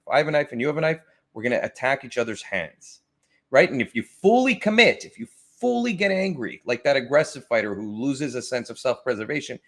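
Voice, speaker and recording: A man's voice: medium pitch, a bit bright. Enthusiastic man reacting to martial arts. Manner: enthusiastic, thinks aloud with frequent restarts. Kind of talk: casual reaction commentary.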